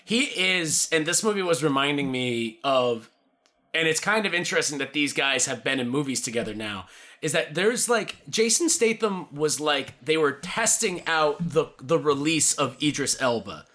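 Young male podcast co-host, bright forceful tone, loose jokey film chat. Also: fairly high pitch, animated, moderate pace. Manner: jokey, swearing, doing silly voices.

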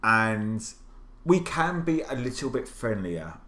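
Low-voiced English man telling stories. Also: big pitch swings, slow pace, pushed and bright. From England. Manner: rambling anecdotal storytelling with many restarts. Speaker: podcast co-host. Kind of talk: casual chat.

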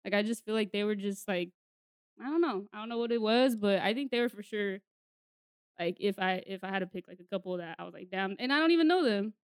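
A woman's voice: medium pitch, animated, quick pace, clear, resonant tone, no echo, clean studio sound. A young woman co-hosting a casual chat, laughing often and talking in blunt, profane slang.

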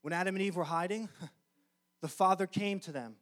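High-voiced man preaching earnestly. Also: fairly bright tone. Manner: earnest, emphatic, often slowing down on key phrases. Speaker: pastor. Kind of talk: sermon.

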